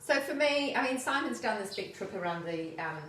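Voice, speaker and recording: A woman's voice: a little high, lively intonation, a little fast, a bit bright, far from the mic, a little hiss or hum. A woman chats through a cooking demo and wanders happily off into stories. Her voice sits some way from the mic and rings around a hard, echoey room, with faint ambience underneath. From South Africa. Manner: chatty, rambling, laughs easily. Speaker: home cook hosting a cooking video. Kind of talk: casual cooking demonstration and chat. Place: home kitchen.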